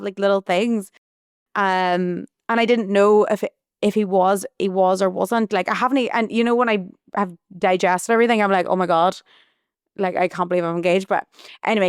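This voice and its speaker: A woman's voice: mid-range voice, clean tone, no room sound, clean studio sound. A woman hosting her own podcast, telling a personal story in a chatty, rambling way with lots of "like". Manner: chatty, rambling, heavy use of "like". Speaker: podcast host. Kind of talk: casual storytelling monologue.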